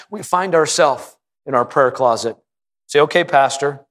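Male pastor, fervent sermon delivery, slightly high voice, long church reverb. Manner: impassioned preaching, rising to high emphatic peaks. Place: church auditorium.

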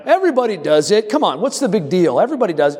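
A man with a high voice preaches an animated sermon, calling on his congregation to join in. His words carry a long reverb from the hall around him. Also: racing. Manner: animated, calls on the congregation to respond. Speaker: pastor.

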